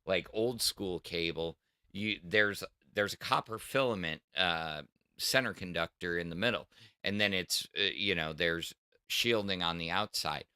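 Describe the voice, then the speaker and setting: A man's voice: deep voice, a little slow, pushed and bright, smooth, dry recording, clean studio sound. A middle-aged man with a Southern US accent, chatting on a livestream and explaining technical things in a rambling way, full of restarts. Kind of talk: casual livestream chat.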